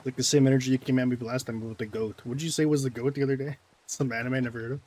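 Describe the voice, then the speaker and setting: A man's voice: mid-range voice, fairly even intonation, very fast, a little mellow. A man live-streaming a game, chatting casually with viewers in a sarcastic, mock-indignant way. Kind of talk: casual gameplay stream chat, answering viewers.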